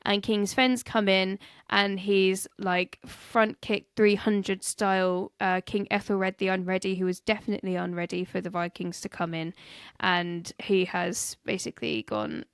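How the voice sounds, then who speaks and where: A woman's voice: mid-range voice, level tone, a little slow, smooth, no room sound, clean studio sound. A woman co-hosting a casual history podcast, joking, laughing and stumbling over names. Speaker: podcast co-host.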